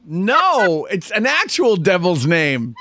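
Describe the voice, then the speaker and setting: A man's voice: high-pitched, huge pitch swings, slow, noisy background. A man hosting a playful game segment, teasing his guest and laughing often. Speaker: host. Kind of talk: playful game-show banter.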